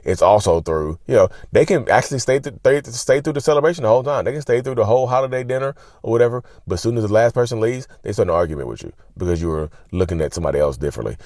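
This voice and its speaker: A man's voice: on the low side, animated, rapid-fire, hardly any pauses, darkish tone, no room sound, studio quality. A man hosting a casual advice vlog, talking to viewers as y'all with lots of repeats and restarts. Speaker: channel host, self-described narcissist.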